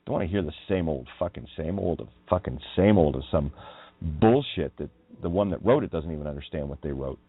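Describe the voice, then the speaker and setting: A man's voice: very deep voice, lively intonation, fairly quick, husky, dry recording. A man hosting a radio show, talking through a wandering, emphatic monologue on word meanings and swearing when riled. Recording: tinny phone-like line.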